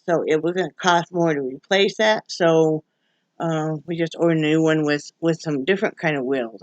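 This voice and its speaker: A woman's voice: sits low, no echo. Chatty, rambling woman from Wyoming. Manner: rambling, chatty, restarts sentences. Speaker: vlogger. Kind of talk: casual home chat. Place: at home, indoors.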